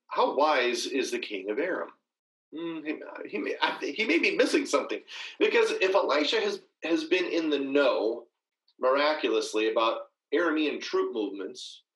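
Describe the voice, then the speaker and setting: A man teaching a casual Bible study. His pitch swings widely, rising and falling as he talks, and he adds small chuckles and restarts. He sounds informal and chatty rather than preachy. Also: rough recording. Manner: animated and chatty, chuckles, corrects himself.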